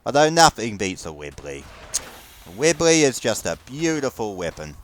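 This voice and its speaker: This gameplay commentator has a New Zealand accent and a fairly low, very animated voice at a moderate pace. Playing a war game, he swears casually and grumbles wryly at his teammates in steady banter.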